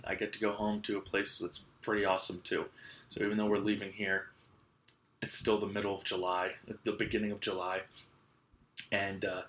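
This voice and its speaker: This young man hosts a casual podcast and tells a meandering story packed with "like" and false starts, laughing along the way. He has a low-pitched, slightly bright voice.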